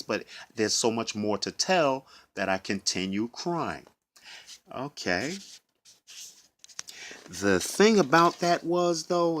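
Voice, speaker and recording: A man's voice: medium pitch, fairly bright tone. A man who works as a bus driver tells his own story of trouble at work, emotional and acting out what others said. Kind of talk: personal testimony to camera.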